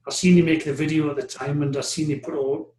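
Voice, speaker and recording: A man's voice: fairly high pitch, fairly even intonation, quick pace, darkish tone, slight background noise. A man hosting an interview, enthusiastic and affirming toward his guest. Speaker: host. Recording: echoey room.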